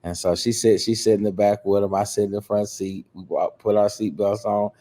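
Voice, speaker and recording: A middle-aged man from Detroit, a pastor and guest, telling stories casually in an animated, colloquial way. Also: lowish voice, fairly quick. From Detroit, USA. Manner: animated storyteller who acts out quotes, colloquial. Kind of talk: casual storytelling interview.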